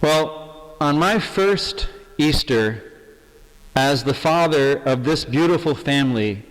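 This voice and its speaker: A man preaching an Easter sermon as a priest, speaking in a measured, earnest way in a large empty church. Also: fairly high pitch, expressive. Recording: long reverb of a large church.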